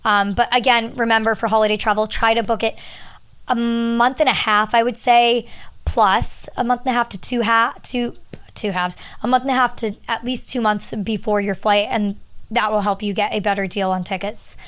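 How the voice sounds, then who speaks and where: A woman's voice: fairly high pitch, fairly even intonation, normal speed, fairly bright tone, clean tone. Chatty young woman giving travel tips. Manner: chatty, rambling, many fillers. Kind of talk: casual advice talk.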